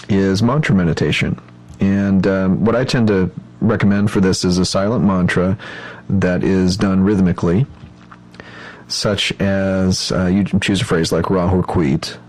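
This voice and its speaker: A man with a very deep, low voice talks through meditation techniques in a calm, explanatory lecture. He pauses often with ums and uhs as he works through each step. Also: poor audio. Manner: measured, explanatory, frequent fillers. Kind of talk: instructional lecture.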